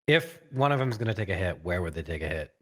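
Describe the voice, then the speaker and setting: A man's voice: low voice, big pitch swings, fast talker, a bit bright. A man commentating a live game stream as a guest, laid-back and teasing, quizzing his co-hosts.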